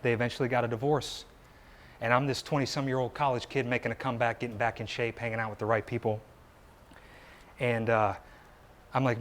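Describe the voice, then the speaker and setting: A man's voice: medium pitch, flat delivery, brisk, long pauses, slight background noise. A man in his thirties gives a personal story speech to a live audience at an indoor meetup, earnest and conversational, asking the crowd rhetorical questions. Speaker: motivational speaker.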